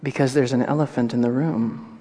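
A male pastor preaching a sermon, moving from hushed, tender passages to loud, animated storytelling. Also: medium pitch, fairly quick. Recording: long reverb of a large hall.

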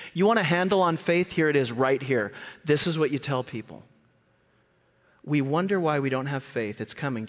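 A man preaching a sermon in a church, telling stories animatedly and jumping into high voices to act out scenes. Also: long reverb tail. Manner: animated, jumps into high squeals when acting out scenes. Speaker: guest preacher. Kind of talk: sermon with storytelling.

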